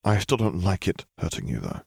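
A man voicing a devoted young husband who is protective and gently joking. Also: sits low, huge pitch swings, brisk, creaky, husky, no room sound, studio quality, full character voice.

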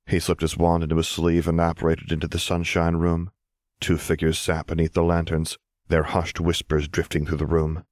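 Male audiobook narrator, very low voice, steady, dry close recording. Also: normal speed, no echo. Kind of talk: scripted fiction narration.

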